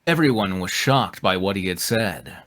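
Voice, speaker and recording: A man narrating a live comedic fanfic reading in a plain, steady manner. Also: sits low, normal speed, very noisy.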